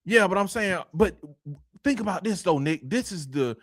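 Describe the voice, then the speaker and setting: A man hosting a casual sports talk show, greeting viewers by name in a slangy, animated way. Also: sits high, moderate pace, a crowd in the background.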